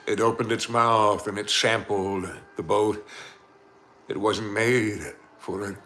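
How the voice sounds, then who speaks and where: Speaking slowly with a fairly low pitch, level intonation and a sharp tone, a man hosts a live stream as a storyteller. He spins a suspenseful tale through dramatic narration, breaking off now and then to chat with his audience.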